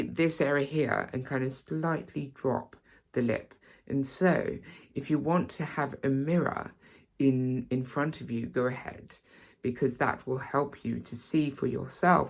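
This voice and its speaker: British woman tutor, very deep and unhurried, gravelly edge, halting repeats. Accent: British, non-RP. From Britain. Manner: halting, repeats words, starts many lines with "so". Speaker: accent teacher. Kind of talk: accent tutorial.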